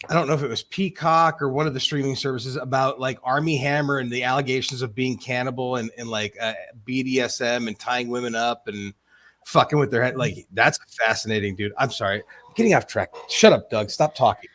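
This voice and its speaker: A man's voice: mid-range voice, fairly even intonation, brisk, fairly bright tone. A man in a casual stream chat who rambles, loses his thread and apologizes for going off track. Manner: rambling, self-interrupting, apologetic.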